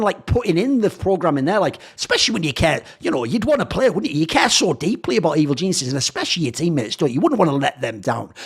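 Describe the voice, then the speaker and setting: A man hosting a talk video, ranting fast with profanity and sarcasm, often mocking others in put-on voices. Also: fairly high pitch, slightly rough. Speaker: esports commentator and video host. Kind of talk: animated ranting commentary.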